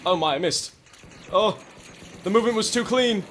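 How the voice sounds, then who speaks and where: A man from California voicing an overly polite, old-fashioned male gentleman duelist, formal and courtly in game voice chat. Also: high voice, moderate pace, slight background noise, pitched above the performer's own voice. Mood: courtly, boisterous. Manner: formal, courtly, keeps saying good sir. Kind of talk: in-game voice chat role-play.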